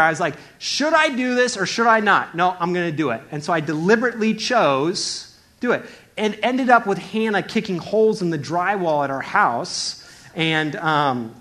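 Lively high-voiced young man preaching. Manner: animated, acts out voices in the story. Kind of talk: casual sermon storytelling.

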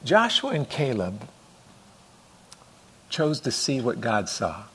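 A man's voice: mid-range voice, huge pitch swings, takes it slowly, fairly bright tone, slightly rough. A middle-aged man preaching a sermon as pastor, conversational and acting out voices as he goes. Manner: conversational, acts out voices with rising intensity.

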